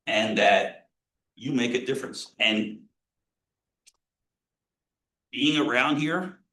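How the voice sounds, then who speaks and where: Earnest American man lecturing, bright voice. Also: mid-range voice, poor audio. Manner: blunt, earnest, swears casually, swings from loud to hushed. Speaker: positive psychology professor. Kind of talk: motivational lecture to students.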